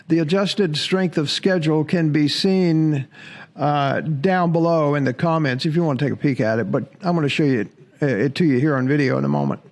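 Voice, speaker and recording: A man's voice: fairly high pitch, brisk, darkish tone. A man hosting a casual sports podcast, chatting to viewers, laughing often and mocking commenters.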